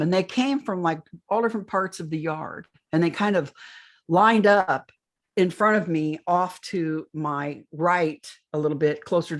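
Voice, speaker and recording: Interviewed on a podcast, an older woman with a lowish voice tells at length about a strange experience of her own. Her telling wanders, and she keeps restarting her phrases.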